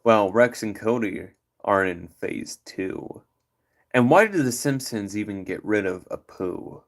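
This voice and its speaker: A man's voice: lowish voice, lively intonation, a little slow. A man hosting a livestream, chatting casually with rambling jokes. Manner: rambling, joking, playful. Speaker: livestream host.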